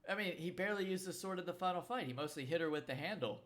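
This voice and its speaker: A man's voice: high-pitched, rapid-fire, heavy background noise. A man co-hosting a casual podcast chat, rambling and wry, often trailing off mid-thought. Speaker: podcast co-host.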